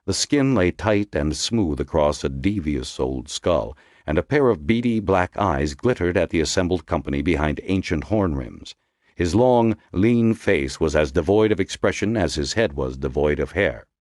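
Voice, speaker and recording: A man narrating an audiobook in a measured, expressive storytelling manner. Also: low voice, no room sound, clean studio sound.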